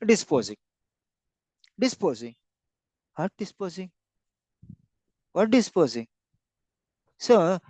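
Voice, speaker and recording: Here a man with a slightly high, darkish voice gives a lesson on clinical speaking, covering word and sentence stress by emphasizing and repeating words. The recording is rough, with no echo.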